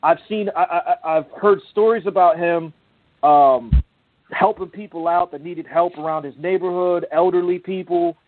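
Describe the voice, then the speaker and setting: A man's voice: sits high, normal speed, dry recording. A man co-hosting a casual online talk show, rambling, profane and earnest as he talks about a friend. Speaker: podcast co-host. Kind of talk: casual chat. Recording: tinny phone-line audio.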